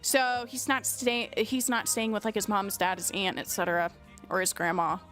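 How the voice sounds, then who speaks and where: A woman's voice: medium pitch, steady tone, moderate pace, fairly bright tone, soft background music. A congested young woman streamer who reads a document aloud in casual commentary, blunt, profane and sarcastic.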